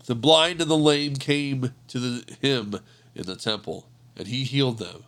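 A man reading a Bible passage aloud in a measured, earnest narrating voice. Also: mid-range voice, fairly bright tone. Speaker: scripture reader. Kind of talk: scripture reading.

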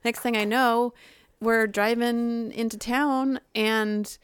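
A woman's voice: a little high, steady tone, slow pace, clean tone, no room sound, clean studio sound. A middle-aged woman co-hosting a podcast, rambling and laughing as she tells family stories. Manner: rambling, self-interrupting, laughing storyteller. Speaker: podcast co-host. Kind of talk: casual chat.

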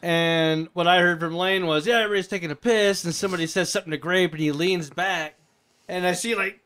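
A man in casual podcast banter, telling a story in an animated way and laughing. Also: on the high side, brisk, clear, resonant tone.

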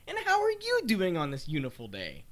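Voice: mid-range voice, huge pitch swings, fairly quick. A performer voicing a zealous male centaur cult follower, preachy and gushing, prone to sudden outbursts in a comedy audio drama. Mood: fervent.

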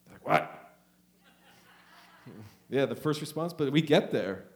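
Impassioned male pastor, slightly high voice. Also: lively intonation, unhurried. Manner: emotional, swings between loud urging and soft hushed talk. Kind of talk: charismatic Pentecostal sermon. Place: church.

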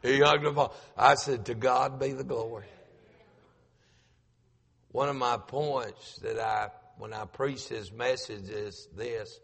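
Gravelly preacher in an echoey hall. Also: male voice, medium pitch, slow pace. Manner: animated, acts out quoted voices, repeats phrases for emphasis. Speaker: pastor. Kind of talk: storytelling sermon. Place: church sanctuary.

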